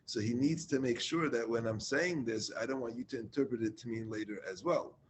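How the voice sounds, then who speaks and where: A man's voice: medium pitch, fairly quick, slight background noise. Man teaching a casual Torah class. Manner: mixes Hebrew readings with plain English asides, with restarts. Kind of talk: reading and explaining a Hebrew text in a casual class.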